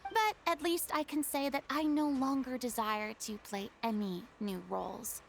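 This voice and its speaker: A woman's voice: sits high, a little slow, vocal fry, slight background noise. A woman voicing a proud, theatrical young female former goddess in a video game, speaking in a haughty, dramatic manner. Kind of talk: game dialogue.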